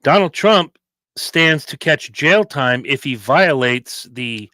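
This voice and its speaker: A man's voice: fairly high pitch, animated, slow, sharp tone, no room sound. A worn-out man co-hosting a podcast, bantering in a wry, laid-back way. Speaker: podcast co-host. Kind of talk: casual chat.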